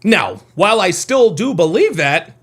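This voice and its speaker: A man's voice: sits high, sing-song, a little slow, fairly bright tone, slightly rough. A man in his forties chatting casually on a live stream, rambling, repeating himself and reading chat comments aloud. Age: 40s. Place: home near Reno.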